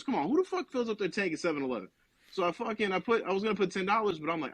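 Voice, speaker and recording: Speaking rapid-fire in a husky, slightly high voice, a young co-host from New Jersey rambles through a profane, comedic podcast story and performs each bit of dialogue himself. There's no echo; the sound is close and dry, with no sense of a room.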